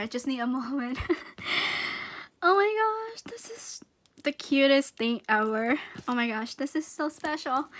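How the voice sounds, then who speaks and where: A young woman vlogging an unboxing, gushing with excitement and breaking into squeals. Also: on the high side. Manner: gushing, excited, repeats "oh my gosh". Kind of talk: unboxing vlog chat.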